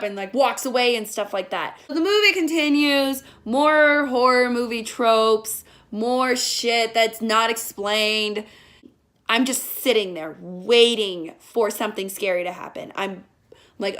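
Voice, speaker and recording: Young woman, high voice, bright forceful tone, sarcastic, swearing, comedic movie rant. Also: moderate pace. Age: young adult. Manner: sarcastic, profane, mocks characters in shrill voices. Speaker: movie reviewer. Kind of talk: ranting comedic movie review.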